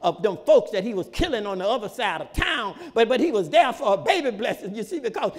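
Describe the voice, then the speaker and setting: A male pastor preaching a sermon in a folksy, repetitive style, with shouted peaks and laughter between points. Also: high-pitched, big pitch swings, a little fast, long reverb tail. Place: church sanctuary.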